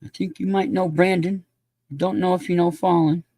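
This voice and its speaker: Male livestream host, mellow, dry close sound, blunt and profane, loose rambling chat. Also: high-pitched, level tone, normal speed, dry recording.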